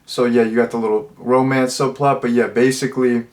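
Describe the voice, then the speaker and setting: A man's voice: medium pitch, flat delivery, a little fast. A young man talking through a film review in a loose, casual way. He rambles, fills his speech with "uh" and "like", and often restarts a sentence before finishing it. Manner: rambling, many fillers and restarts. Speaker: movie reviewer. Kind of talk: casual spoken movie review.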